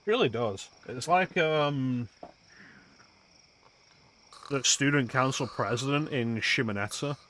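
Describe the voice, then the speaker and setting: A man's voice: mid-range voice, slow pace, pauses often, a bit bright, slight background noise. A man streaming a video game, making sarcastic, crude jokes in casual commentary.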